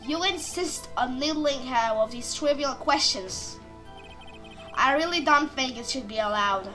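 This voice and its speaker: A woman's voice: high-pitched, lively intonation, a little slow, pushed and bright, soft background music, heavily acted. A woman doing a sneering male prosecutor. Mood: haughty. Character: haughty, cold male prosecutor.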